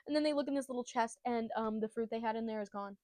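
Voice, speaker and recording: A woman's voice: fairly high pitch, fast talker, dark tone, no echo. A woman giving a casual, giggly and profane retelling of a comic chapter. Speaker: storyteller.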